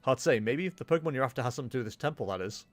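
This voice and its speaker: An upbeat young female trainer, read aloud by a man in his everyday voice. She talks fast and cheerfully, friendly and encouraging. The sound is dry and close. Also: medium pitch, lively intonation, no room sound, natural voice. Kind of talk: reading game dialogue aloud.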